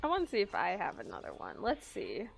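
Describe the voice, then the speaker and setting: A woman chatting casually during a roleplay, with quick reactive interjections. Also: mid-range voice, huge pitch swings, gravelly, soft background music, low-quality recording.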